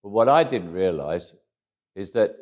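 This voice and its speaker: A man's voice: low-pitched, animated, measured pace, darkish tone. An older man with an English accent, telling anecdotes in an interview with dry humor and frequent restarts. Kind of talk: reflective interview talk.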